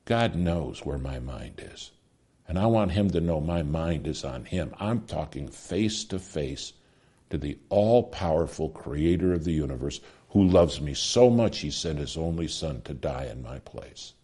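A middle-aged man delivers a sermon in a very deep, husky voice. His tone is dark and mellow, and he swings from raised emphasis down to near-whispers to drive points home. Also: expressive, a little slow. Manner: dramatic preaching, drops to a hush for emphasis. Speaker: preacher.

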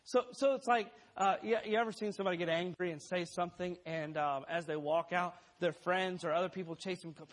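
A man's voice: high voice, fairly quick, hardly any pauses. A man preaching a sermon in an emphatic way, laying out numbered points and quoting scripture aloud.

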